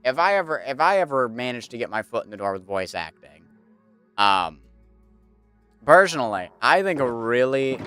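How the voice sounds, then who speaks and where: A man's voice: mid-range voice, a bit bright, clean tone. A man streaming a game, chatting casually and rambling with many fillers. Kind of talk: casual commentary while gaming.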